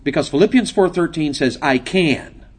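A middle-aged man preaching a sermon to a men's session. He moves from quiet, probing questions to loud, emphatic, driving delivery. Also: fairly high pitch, lively intonation, normal speed, slightly rough.

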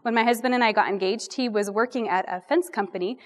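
A woman's voice: fairly high pitch, fast. A middle-aged woman giving a chatty, self-deprecating Bible talk to a women's group, full of rambling asides. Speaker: women's ministry speaker. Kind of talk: sermon-style Bible teaching.

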